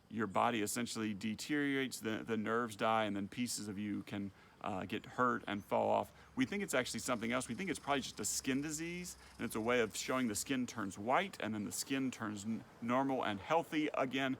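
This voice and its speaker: Gravelly-voiced man teaching a Bible lesson. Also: mid-range voice, slight background noise. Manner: conversational, animated when voicing Moses.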